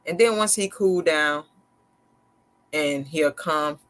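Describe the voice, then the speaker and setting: A woman's voice: low-pitched, slow pace. Woman, live-stream host, casual storytelling, candid, slightly sarcastic, repetitive phrasing. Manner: candid, conversational, a bit sarcastic and slick; loose, repetitive phrasing with restarts. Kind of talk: casual personal storytelling to viewers.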